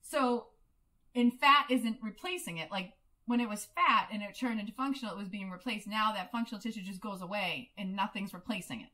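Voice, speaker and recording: Woman, 30s, podcast co-host, bright tone, casual explainer who gets animated telling stories. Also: mid-range voice, a little fast. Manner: chatty, explains facts, animated storytelling. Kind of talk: casual chat.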